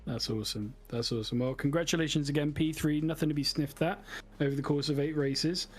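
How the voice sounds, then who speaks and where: A man's voice: a little high, fairly even intonation, fast. A man hosting a racing livestream, interviewing a driver with chatty, friendly banter. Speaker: stream host, interviewer.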